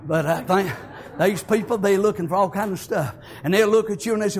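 A man preaching a fiery, folksy sermon that builds to shouts. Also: high voice, a little fast, hardly any pauses.

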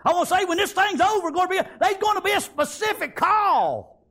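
High-pitched preacher shouting amens. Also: male voice, very animated, brisk. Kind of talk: fiery revival sermon. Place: church.

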